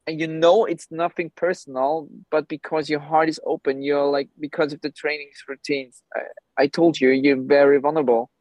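A man's voice: on the high side, little pitch movement, moderate pace, darkish tone, no room sound, dull audio. A man whose first language is German, a podcast guest, who talks emphatically and bluntly and swears often. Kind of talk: candid podcast conversation.

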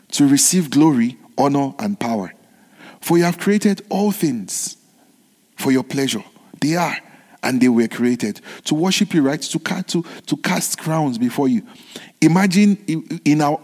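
Emphatic preacher in a reverberant hall. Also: male voice, fairly high pitch, a little mellow. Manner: repetitive, emphatic, call-and-response preaching. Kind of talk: sermon.

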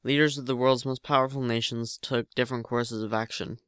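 A man's voice: medium pitch, steady tone, a little fast, a bit bright, smooth, no echo, studio quality. A man narrating a story aloud in a plain reading voice, with frequent slips and restarts.

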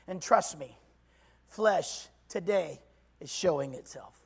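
A man preaching a sermon in a shouting, call-and-response style, swinging from loud cries down to quiet low stretches. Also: takes it slowly, vocal fry, slightly rough.

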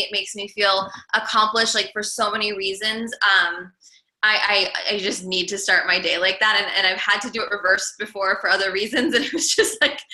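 Bright-voiced chatty woman, roomy sound. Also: mid-range voice. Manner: chatty, many "like"s and restarts. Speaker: guest, entrepreneur and coach. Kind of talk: casual podcast conversation.

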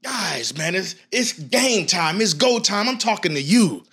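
Man, motivational speaker, high voice, bright tone, gritty and emphatic. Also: very animated, a little slow, faint music behind. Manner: gritty, passionate, preacher-like emphasis. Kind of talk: motivational talk to camera.

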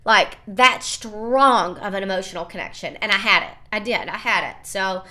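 A woman's voice: mid-range voice, moderate pace, few pauses, pushed and bright. A woman hosting her own podcast, talking candidly and emotionally in a rambling casual monologue full of fillers. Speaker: podcast host and small business owner.

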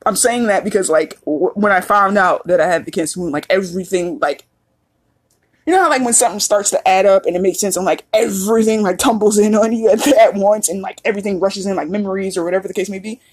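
A woman's voice: mid-range voice, fast talker, slightly rough. A woman in her thirties hosting a podcast, talking in a candid, profane, casual monologue and laughing often. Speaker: podcast host.

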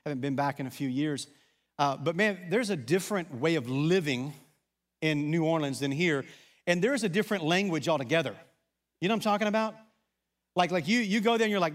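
Southern pastor preaching, high voice. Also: male voice, expressive, a little fast. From Arkansas. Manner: conversational preaching with swings between loud emphasis and soft asides. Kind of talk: sermon. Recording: long reverb of a large hall.

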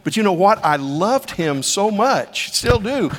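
A middle-aged male preacher delivering a sermon through story, his voice sitting a little high. He moves from soft, hushed lines to sudden loud cries. The sound carries a long reverb, like a large hall. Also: very animated, a little slow. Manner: storytelling preacher, dramatic swings between hushed and shouted.

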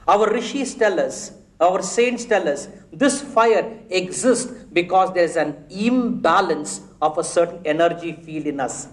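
A man giving a spiritual discourse, telling a parable in a measured storytelling manner and addressing listeners as friends. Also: high voice. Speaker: spiritual teacher.

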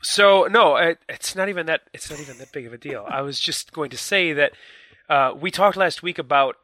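A man's voice: a little high, fairly quick, sharp tone, no echo. A man co-hosting a gaming podcast, explaining his points emphatically with hesitant restarts. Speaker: podcast co-host. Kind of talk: casual chat.

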